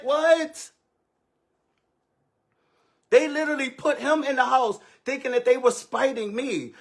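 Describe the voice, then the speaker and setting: A man tells a dramatic story in a fast, profane, gossipy rush, jumping from loud outbursts to hushed asides. His voice sits high for a man and has a husky, breathy edge. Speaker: livestream host telling a story. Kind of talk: casual animated storytelling.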